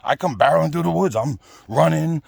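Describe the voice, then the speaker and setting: A man's voice: a little high, fairly quick, creaky, darkish tone, husky, no room sound. A man ranting casually, blunt and swearing, often tagging "right?" and "you know?". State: out of breath at times. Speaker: vlogger.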